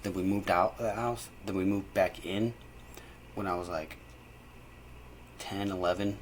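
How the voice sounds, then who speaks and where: Young male podcast co-host, low voice, rambling casual storyteller, faint hiss behind. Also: fairly even intonation, measured pace, rough recording. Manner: rambling, lots of fillers, quotes people in a put-on high voice.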